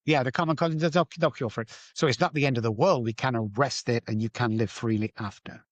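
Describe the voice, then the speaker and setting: A man's voice: fast, no echo, highs cut off. A man as a podcast guest, speaking candidly and emphatically about addiction, repeating phrases for stress. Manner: emphatic, repetitive, rises in pitch for stress. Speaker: guest, addiction recovery doctor. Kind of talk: candid interview storytelling.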